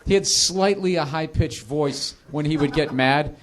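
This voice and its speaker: A high-voiced man telling profane stories. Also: a little slow. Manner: profane, laughing, slips into animated impressions. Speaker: podcast host. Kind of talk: casual comedic storytelling.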